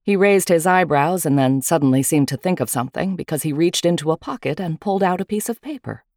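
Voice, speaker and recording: Low, lively woman telling a story. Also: fairly quick, dry recording, studio quality. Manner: lively, wry first-person telling. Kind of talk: storytelling narration.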